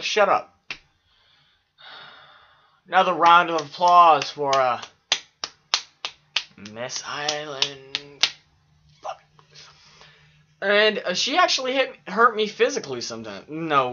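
A man spins rambling, profanity-laced stories in a loose, animated way. His voice has a bright edge to it. The recording sounds dull and lo-fi. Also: on the high side, unhurried, pauses often, slight background noise. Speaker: vlogger. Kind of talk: casual storytelling.

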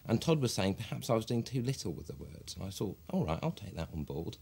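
An actor playing a stiff, self-important publisher who became a wooden amateur actor, giving a deadpan mock documentary interview. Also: male voice, fairly low pitch, quick pace, creaky, breathy edge, heavily acted. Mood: smug. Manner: deadpan, pompous.

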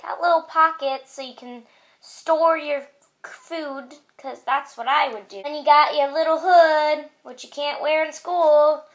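A woman's voice: high voice, steady tone, measured pace. A teenage girl hosting a clothing haul video, chatty and self-mocking with joking asides. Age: teens. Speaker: vlogger.

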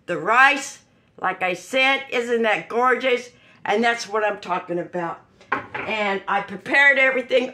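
A woman hosting her own cooking video, showing a home-made dish in a casual, exuberant way with frequent high whoops. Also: bright, forceful tone, roomy sound. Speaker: cooking channel host.

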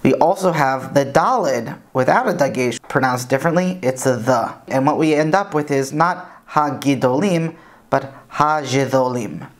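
A man's voice: a little high, expressive, moderate pace, few pauses. A man teaching a lesson, patiently explaining pronunciation step by step. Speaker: Hebrew teacher.

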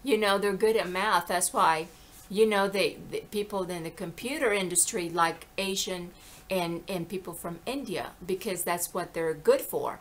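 A woman's voice: mid-range voice, normal speed. A woman vlogging in a casual, rambling monologue, talking animatedly, drifting between topics and often slipping into quoted voices. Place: lives in the American South.

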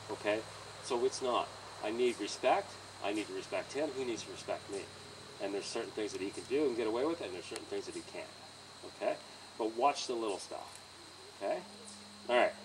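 A man training a horse outdoors by a trailer, coaching a student in an encouraging, animated way and often laughing. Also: medium pitch. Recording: distant outdoor mic with insect noise.

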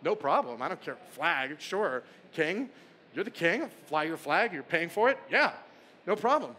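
An eager, inexperienced young captain who stammers and gushes to win over a king, played by a man telling the story. The voice is bright and high, tumbling over itself with enthusiasm. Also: very animated, normal speed, a little hiss or hum. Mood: excited.

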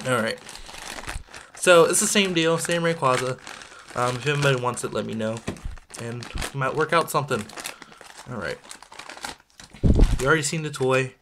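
Guy unboxing toys on his channel, rambly and chatty, medium pitched voice, pokes fun at himself. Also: moderate pace, long pauses, noisy background. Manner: rambling, chatty, self-deprecating with small laughs. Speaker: toy unboxing vlogger. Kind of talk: casual unboxing chat.

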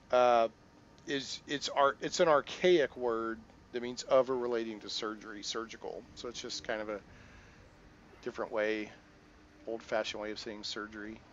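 A man hosting a game playthrough, chatty and thinking aloud as he goes, with a middle-pitched everyday voice. The recording sounds a little dull and muffled, and a faint hiss sits underneath. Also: fairly bright tone. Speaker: let's play host. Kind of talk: casual game commentary.

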